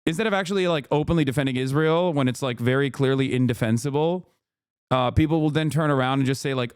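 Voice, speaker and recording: A man's voice: medium pitch, quick pace, smooth, dry recording, studio quality. A man streaming live, commenting on clips in a blunt, sarcastic way and swearing freely. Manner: sarcastic, mocks feigned anger. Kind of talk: livestream commentary.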